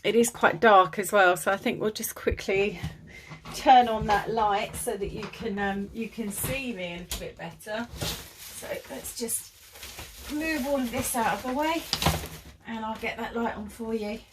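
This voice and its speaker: Tired, slightly breathless woman, higher voice, chatty crafting vlogger, apologetic and full of ums, phone recording at home with faint hiss. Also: unhurried. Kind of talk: casual chat to camera. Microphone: phone on a holder.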